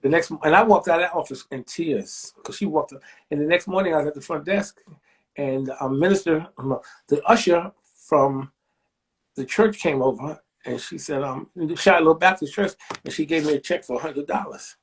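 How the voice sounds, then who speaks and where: At a moderate pace and in a slightly rough voice, a library director in his sixties tells stories in an interview. He's an animated storyteller, acting out quoted voices with large pitch leaps.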